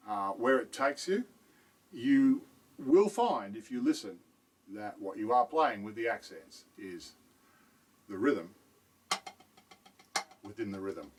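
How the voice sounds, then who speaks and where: A man's voice: lowish voice, recorded from a distance, a little hiss or hum. A man teaching drum technique in a patient video lesson, often checking in with "right?".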